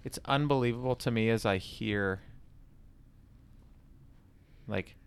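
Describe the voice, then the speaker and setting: Slow, gravelly-voiced male podcast host. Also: medium pitch. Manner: slow, thoughtful, earnest reflection. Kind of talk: casual interview chat.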